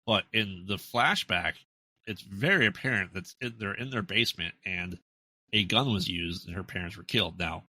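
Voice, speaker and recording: An American man with a deep, bright-edged voice rambles through a movie recap on a podcast, full of fillers and restarts. The recording is dry and close, with no room sound. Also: normal speed, no room sound. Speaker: podcast co-host. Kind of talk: casual movie recap chat.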